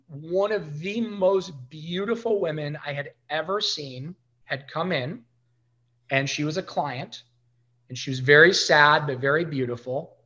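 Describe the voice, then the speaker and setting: A man talking as a podcast guest, telling stories in an animated way and acting out the dialogue. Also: on the high side, dull audio. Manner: animated storyteller who acts out quoted dialogue. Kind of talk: casual storytelling interview.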